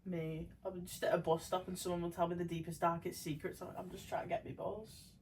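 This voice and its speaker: A woman's voice: lowish voice, level tone, a little fast, a little mellow, a little hiss or hum, low-quality recording. A young woman co-hosting a casual chat, blunt and sweary with exasperated reactions. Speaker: co-host.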